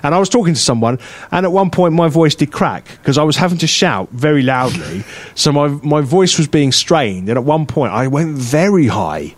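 A man's voice: on the high side, very animated, normal speed, few pauses. A man co-hosting a radio show, telling a rambling anecdote in casual chat, full of fillers and restarts. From England. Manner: rambling anecdotal storytelling with frequent fillers and laughs.

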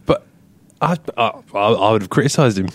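A man's voice: on the low side, expressive, brisk, dry recording. A man, co-hosting a radio chat show and bantering with wry, teasing replies. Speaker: radio co-host.

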